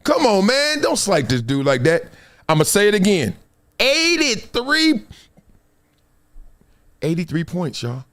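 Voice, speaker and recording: A man's voice: a little high, big pitch swings, moderate pace. A middle-aged man hosting a live sports talk stream, emphatic and speaking straight to his viewers, acting out other people's lines as he goes. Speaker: host. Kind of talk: animated live sports commentary.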